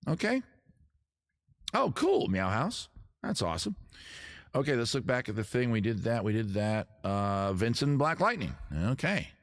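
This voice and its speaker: A man's voice: mid-range voice, very animated, moderate pace, no echo, clean studio sound. A man hosting his own live stream, chatting casually to viewers with jokey, self-mocking asides. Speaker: streamer host.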